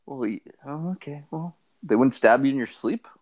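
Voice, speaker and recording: A man co-hosting a podcast in casual chat, relaxed and wry, spinning dark what-if scenarios. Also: mid-range voice, moderate pace. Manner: laid-back, wry, spins dark what-ifs. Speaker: podcast co-host.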